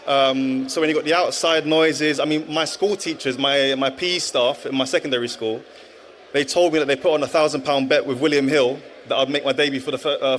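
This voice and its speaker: A man's voice: mid-range voice, fairly bright tone, a little hiss or hum. A man in his thirties, a former footballer and guest at a live event, telling his story in an earnest, reflective way with frequent restarts. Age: 30s. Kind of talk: live stage interview, testimony.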